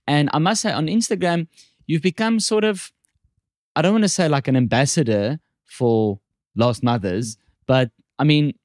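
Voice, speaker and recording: A man's voice: a little high, moderate pace, darkish tone, no echo, studio quality. A man with a South African accent hosting a podcast, joking and rambling in casual chat. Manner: joking, rambling, self-deprecating. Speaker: podcast host.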